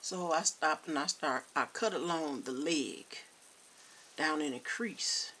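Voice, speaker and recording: A woman's voice: low-pitched, takes it slowly, a little hiss or hum. A woman, animatedly telling a funny story to her viewers. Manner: animated, addresses viewers as y'all. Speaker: vlogger. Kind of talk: casual storytelling.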